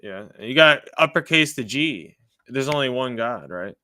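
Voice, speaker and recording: A man preaching casually on a livestream, asking God questions aloud and chatting with viewers, with swings from loud declarations to hushed apologies. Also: medium pitch, lively intonation, measured pace. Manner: casual, chatty with viewers, uses "dude" and "you know". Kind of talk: casual livestream testimony and prophecy.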